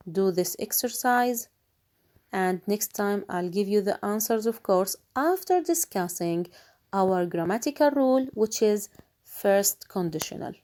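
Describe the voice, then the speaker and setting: A woman teaching English vocabulary to middle schoolers in a recorded lesson. She says each word slowly and carefully, repeating it, and her voice sits in a middle pitch. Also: darkish tone. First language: Arabic. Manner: slow, drawn-out repetition of each word, switching into Arabic to explain.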